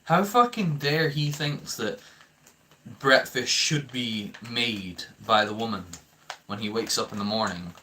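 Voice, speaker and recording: A man's voice: mid-range voice, lively intonation, measured pace, sharp tone, a little hiss or hum. A young man ranting to his viewers, heated and swearing often, with frequent stammering restarts. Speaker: vlogger. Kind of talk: ranting commentary to camera.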